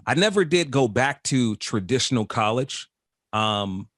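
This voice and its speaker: A man in his fifties, a longtime radio host, recounts his career with animated energy, his voice leaping upward at the exciting parts. His voice sits in a mid register. The recording is dry, with no room sound. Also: mid-range voice, measured pace, no echo. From Chicago, USA. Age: 50s. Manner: animated storyteller, voice jumps up when excited. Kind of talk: storytelling interview answers.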